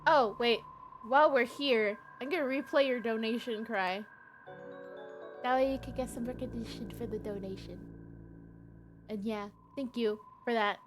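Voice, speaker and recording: Chatty woman streamer, slightly high voice. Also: normal speed, long pauses, over music. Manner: chatty, reads game text aloud, laughs often. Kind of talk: casual live game commentary.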